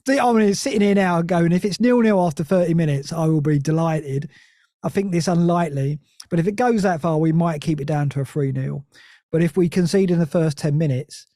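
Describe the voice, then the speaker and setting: Rambling man, mellow voice. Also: fairly high pitch, no room sound, clean studio sound. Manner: rambling, self-interrupting, many restarts. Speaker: Nottingham Forest fan guest. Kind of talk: casual podcast chat.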